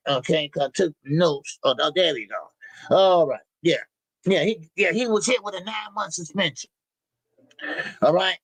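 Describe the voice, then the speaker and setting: Man, boxing stream host, high voice, dry close sound, slangy, repetitive. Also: moderate pace, dry recording, rough recording. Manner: loose, repetitive, slangy, profane. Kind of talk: live-stream boxing talk, reading chat.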